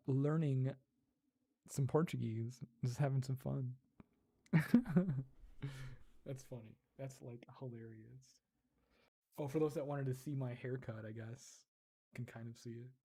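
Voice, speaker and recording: Laid-back male streamer, slow and mellow, giggly, repeats foreign words carefully. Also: medium pitch, slightly rough. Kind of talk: casual livestream chat.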